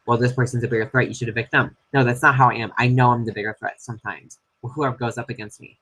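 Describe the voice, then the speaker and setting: A man's voice: mid-range voice, a bit bright, husky, rough recording. A man recording an angry, profanity-heavy confessional about being targeted in an online game. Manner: frustrated ranting with heavy swearing.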